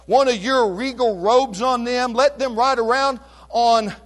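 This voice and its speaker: A man voicing a smug, scheming royal advisor with quick, self-satisfied boasting, in a sermon retelling. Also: extremely high pitch, steady tone, big-room sound. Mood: boastful.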